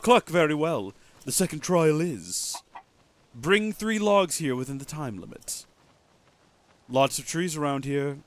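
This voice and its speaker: A man voicing an all-knowing male talking chicken in a deep, slow, solemn tone with old-fashioned phrasing. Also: a bit bright. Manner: slow mock-archaic oracle speech. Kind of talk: voicing game dialogue while streaming.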